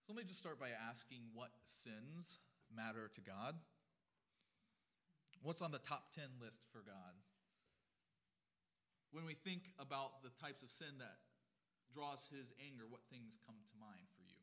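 A man's voice: medium pitch, sharp tone. A man preaching a sermon in a church, earnest and emphatic, building up and then dropping back. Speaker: pastor. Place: church sanctuary.

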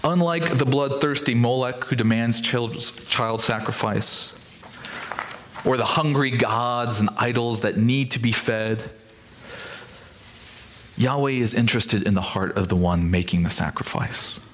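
A man preaching a sermon as a pastor, talking through scripture and acting out the quoted speech with lively emphasis. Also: medium pitch, a little slow.

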